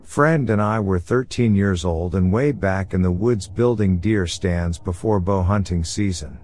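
A man narrating true scary stories sent in by listeners, in a steady, low-key storytelling manner. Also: unhurried, a little hiss or hum. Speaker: podcast narrator. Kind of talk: reading listener horror stories.

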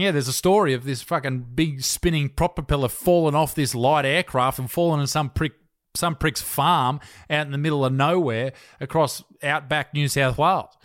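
A man's voice: fairly high pitch, a bit bright. Swearing Australian young man telling stories. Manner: profane storytelling, laughs at own jokes. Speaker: podcast co-host. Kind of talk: casual podcast banter.

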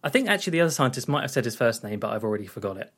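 A man's voice: medium pitch, very animated, rapid-fire, a bit bright, husky. A man co-hosting a podcast, casually recapping a film scene by scene in a rambling way, with plenty of fillers and restarts. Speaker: podcast co-host.

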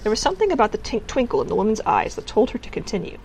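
Woman narrator, storybook reading, measured delivery. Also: mid-range voice, huge pitch swings, darkish tone, a little hiss or hum, rough recording. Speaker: audiobook reader.

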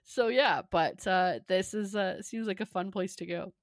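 Chatty podcast co-host, woman, mid pitch, giggly, dry close recording. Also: normal speed, dry recording. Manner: giggly, chatty, full of "like" fillers. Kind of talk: casual chat.

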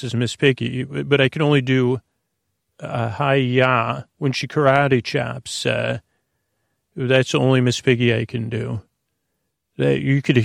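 Man, podcast host, gravelly voice, goofy rambling talk, dry close sound. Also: mid-range voice, no room sound. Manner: goofy, meandering, full of self-corrections. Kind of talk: rambling sleep podcast monologue.

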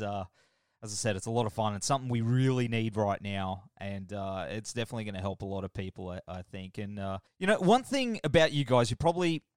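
An Australian man hosts a radio chat, friendly and joking, with "mate" in nearly every turn. His voice is smooth and resonant. The sound is dry and close. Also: fairly low pitch, dry recording. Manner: friendly and jokey, says "mate" often, laughs a lot. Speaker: radio host. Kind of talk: casual radio interview.

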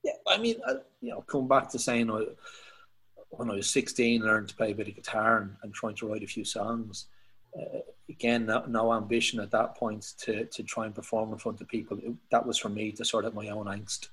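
Husky Irish man, reflective and halting. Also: on the low side, a bit bright, poor audio. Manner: reflective, hesitant with many restarts and fillers. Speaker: poet, podcast guest. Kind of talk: casual conversation.

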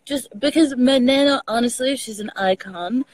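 Texan woman guest, casual storyteller with some cursing, slightly high, dry video-call audio. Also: normal speed, dry recording, rough recording. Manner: chatty storyteller, swears casually. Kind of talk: casual chat over a live video call.

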